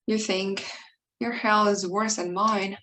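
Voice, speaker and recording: A woman reading a short story aloud in a slow, emotional way, pleading and intense, now and then stumbling and restarting a word. Her pitch sits in an ordinary middle range. Faint noise hums under the recording. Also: fairly even intonation, pushed and bright, poor audio. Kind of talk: expressive dramatic reading of a monologue.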